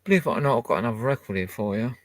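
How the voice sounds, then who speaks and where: A man's voice: mid-range voice, expressive, very fast, dry recording. A man in his sixties, chatting casually and swearing as he plays vinyl records and jokes at himself. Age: 60s. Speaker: home DJ playing vinyl records. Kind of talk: casual chat.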